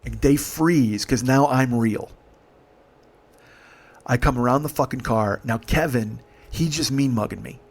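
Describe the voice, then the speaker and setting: A man's voice: medium pitch, unhurried, breathy edge. A man in his forties telling a true story in a comedic podcast monologue, profane, intense and confessional. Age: 40s.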